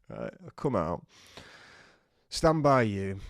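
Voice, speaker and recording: A man co-hosting a podcast, telling a comic story with lively acted-out voices and sound effects. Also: mid-range voice, slow, no room sound, clean studio sound. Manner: animated, acts out voices and sounds. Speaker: podcast co-host.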